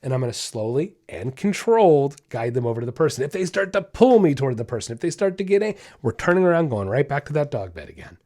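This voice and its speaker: A man's voice: mid-range voice, big pitch swings, fast talker, few pauses, dark tone. Male podcast host, dog trainer type, emphatic coaching delivery that hammers key points. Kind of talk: casual instructional talk.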